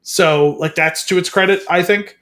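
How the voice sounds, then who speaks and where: A man's voice: high voice, moderate pace, a bit bright. A man co-hosting a podcast in casual chat, rambling and hedging with lots of fillers. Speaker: podcast co-host.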